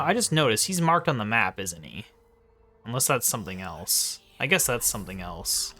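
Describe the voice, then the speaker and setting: A man giving casual, low-key commentary while playing a game late at night, often muttering quiet asides. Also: slight background noise. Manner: mumbles quiet asides, sometimes whispers. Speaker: let's play host.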